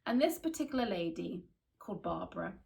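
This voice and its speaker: Gravelly-voiced woman telling stories. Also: lowish voice, a little fast. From Wales. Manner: candid, animated, with frequent restarts. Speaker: skin therapist and trainer. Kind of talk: casual storytelling in a podcast chat.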